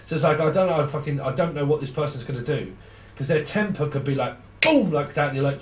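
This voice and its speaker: A rambling, profane man reads tarot cards in a loose, chatty way, laughing as he goes. His voice sits a little high for a man. He is heard from a short way off the mic in a roomy, echoing space. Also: fast talker, far from the mic. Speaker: tarot reader. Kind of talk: casual unscripted tarot reading.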